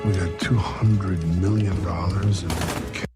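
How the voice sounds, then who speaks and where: An actor playing a gruff male agent who mumbles through exposition, heard from film audio. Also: low voice, fairly even intonation, slow, over loud music. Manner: mumbling delivery. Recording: film audio under loud score.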